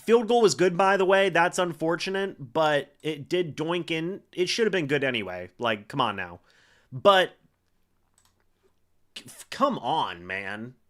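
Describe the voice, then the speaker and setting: A young man hosting a live stream, reacting to a football game and calling plays in an excitable way, full of fillers. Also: a little high, measured pace. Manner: excitable play-by-play with frequent fillers.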